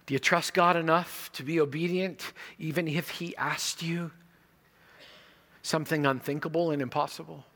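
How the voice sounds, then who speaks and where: A male pastor preaching a sermon, telling stories and moving between quiet moments and loud emphasis. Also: on the high side, fairly even intonation, moderate pace.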